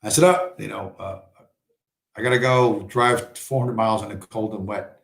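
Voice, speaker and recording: A man's voice: lowish voice, steady tone, moderate pace, gravelly, fairly bright tone. Profane rambling man in an echoey room. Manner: profane, meandering storytelling with mimicked quotes. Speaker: livestream host. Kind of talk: rambling casual monologue.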